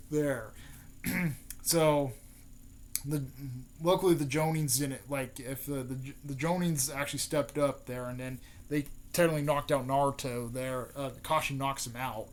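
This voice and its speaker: A man's voice: medium pitch, measured pace. Rambling, cursing young man. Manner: rambling, profane, many fillers. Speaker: fan video host. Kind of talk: casual fan speculation.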